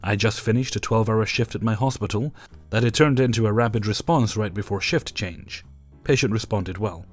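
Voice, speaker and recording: A man's voice: fairly low pitch, fairly quick, soft background music. A man narrating personal stories in a wry, matter-of-fact way. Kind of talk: storytelling narration.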